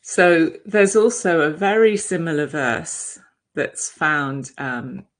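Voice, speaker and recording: A woman meditation teacher giving a dharma talk over a video call, gentle and reflective, with soft hesitations. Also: sits low, slow.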